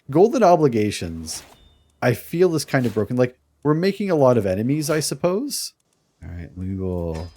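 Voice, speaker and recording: A man's voice: medium pitch, dark tone. A man streaming a strategy game, giving chuckling, playfully scheming let's play commentary.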